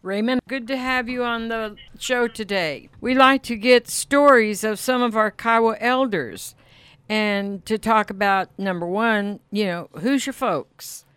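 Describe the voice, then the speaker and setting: A woman co-hosts a radio show and asks an elder about his life with warm, encouraging questions. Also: a little high, unhurried, clear, resonant tone, no echo. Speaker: radio co-host and interviewer. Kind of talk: radio interview.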